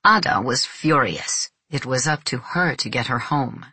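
Woman reading an audiobook, low voice, steady pace, dead dry studio sound. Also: unhurried, slightly rough, no echo. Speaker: narrator. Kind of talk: scripted audiobook narration.

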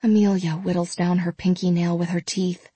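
A woman giving scripted audiobook narration in an even, measured storytelling manner, close to a studio mic. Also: lowish voice, slightly rough, dry recording.

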